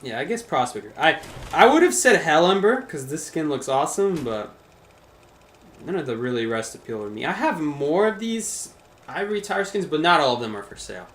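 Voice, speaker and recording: A man's voice: on the high side, very animated, a little fast, reverberant. A man chatting casually on a game live stream, laid-back and laughing often as he talks to viewers. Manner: laid-back, laughs often, calls chat "brother" and "dude".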